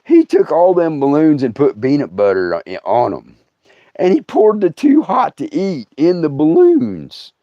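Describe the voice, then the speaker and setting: A middle-aged man with a drawl spins a funny campfire-style yarn on a livestream. His voice sits a bit high and leaps all over the place as he laughs along. The sound is dry and slightly dull. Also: a little slow, dry recording. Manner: animated, laughing through his own story, breaking into loud outbursts. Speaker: comedian host. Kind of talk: comic storytelling livestream.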